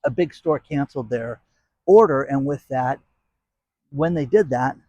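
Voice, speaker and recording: A man's voice: medium pitch, unhurried, warm tone, no room sound. A man hosting his own channel, talking casually to viewers and driving his points home with repeated "okay?". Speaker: channel host. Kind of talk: casual commentary to camera.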